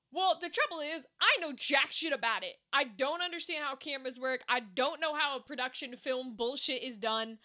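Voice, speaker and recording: A young woman streamer ranting casually to her chat, animated, exasperated and swearing freely. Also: sits high.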